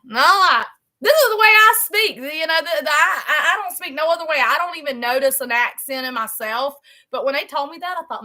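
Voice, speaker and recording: A woman chats on a live stream from her home, her voice high and bright. She rambles in a folksy way and often starts a phrase over. She keeps calling her viewers "y'all" as she talks to them. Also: a little fast. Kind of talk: casual live-stream chat. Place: home, a trailer.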